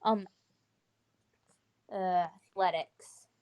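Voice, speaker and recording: A woman's voice: on the low side, fairly even intonation, drawn-out words, highs cut off. Hesitant woman game master. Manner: hesitant, many fillers. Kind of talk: running a tabletop role-playing game.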